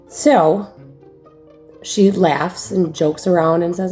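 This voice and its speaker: A man's voice: high-pitched, fairly even intonation, slow, pauses often, darkish tone, soft background music. A man telling a teasing, sarcastic story about a friend, joking and swearing as he goes. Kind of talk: joking anecdote.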